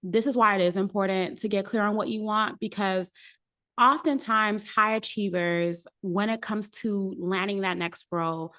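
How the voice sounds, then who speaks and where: A woman's voice: medium pitch, fairly bright tone. A woman career coach answering interview questions in a casual podcast chat, earnest and emphatic as she lays out her advice.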